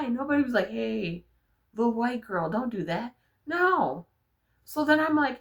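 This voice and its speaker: A young adult woman vlogging, telling personal stories in a frank, animated way and swearing freely. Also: sits high. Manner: frank, profane, animated storyteller. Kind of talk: candid personal storytelling.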